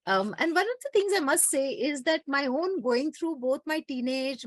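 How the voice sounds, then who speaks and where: A middle-aged woman doctor with an Indian English accent, giving an online health talk, explaining things and telling stories in a lively way. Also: a little high, no room sound. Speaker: gynecologist speaker.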